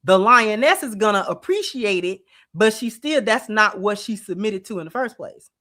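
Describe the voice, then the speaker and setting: Animated, drawling woman talking to her viewers. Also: mid-range voice, normal speed. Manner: animated, drawling, talks straight to chat. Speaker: channel host. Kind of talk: casual livestream commentary to viewers.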